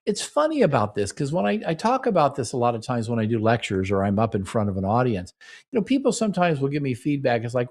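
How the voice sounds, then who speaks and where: A man's voice: medium pitch, huge pitch swings, fast talker, darkish tone. A middle-aged man hosting a relationship advice show, speaking earnestly and acting out little sample conversations between partners. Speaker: relationship talk show host. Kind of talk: radio-style advice talk.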